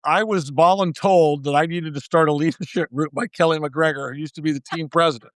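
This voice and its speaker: This man, in his sixties, is a former baseball manager guesting on a podcast interview. He tells a long story folksily, performing the quoted lines, in a slightly high, steady, fairly quick voice with a touch of brightness and no echo.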